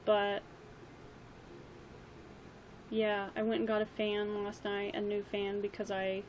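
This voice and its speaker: A woman's voice: medium pitch, monotone, slow pace, a little mellow, a little hiss or hum, poor audio. A young woman chatting casually on a livestream, rambling with lots of ums and likes, her voice a little worn. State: slightly losing her voice.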